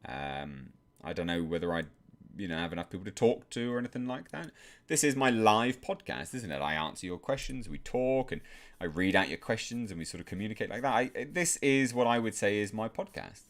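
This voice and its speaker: Young english guy hosting a live stream, deep-ish voice, swings around a lot, reads chat out slow and thoughtful. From England. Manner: calm, measured, reads out viewer messages. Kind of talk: live chat reading and answering.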